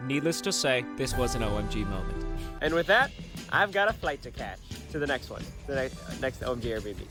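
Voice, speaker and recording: A young man narrating his travel vlog in a playful, jokey, excitable way. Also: mid-range voice, fairly quick. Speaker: travel vlogger. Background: background music.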